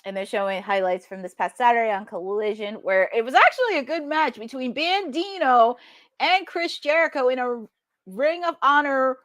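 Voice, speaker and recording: A woman hosting a live watch-along, chatting excitably and laughing often as she reacts to the action. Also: high-pitched, moderate pace, no room sound, studio quality. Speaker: host.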